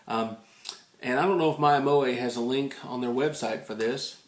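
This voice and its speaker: A man's voice: mid-range voice, moderate pace, a little hiss or hum. A man from Tennessee with a Southern US accent, giving a casual, rambling, good-humored ukulele book review from a room indoors. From Tennessee, United States. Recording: roomy echo in a room.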